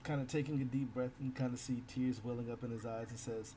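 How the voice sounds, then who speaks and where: A man's voice: mid-range voice, fairly even intonation, fast, few pauses, background noise. A man narrating a tabletop game as game master, in loose, filler-heavy descriptions.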